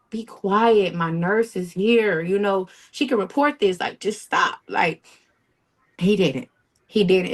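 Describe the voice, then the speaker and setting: A woman guest in an interview, telling a personal story in a halting, emotional way and acting out what people said. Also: mid-range voice. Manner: tells events with quoted dialogue, emotional, halting.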